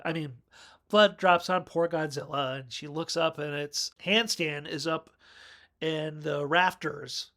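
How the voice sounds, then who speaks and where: A man's voice: on the high side, creaky, fairly bright tone. A man giving a casual film review, rambling, correcting himself and chuckling as he goes. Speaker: movie reviewer.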